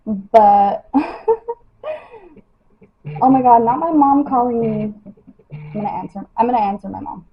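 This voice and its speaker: A woman's voice: a little high, unhurried, long pauses, muffled recording, a little hiss or hum. A young woman chatting casually on a livestream about her skin, talking loosely with lots of "like" and "you know". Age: young adult. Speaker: model livestreaming her skincare routine. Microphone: phone.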